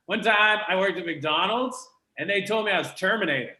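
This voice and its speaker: A man's voice: sits high, lively intonation, normal speed, sharp tone. A young man from Canada doing a live stand-up comedy set, self-deprecating and conversational. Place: comedy venue with live audience.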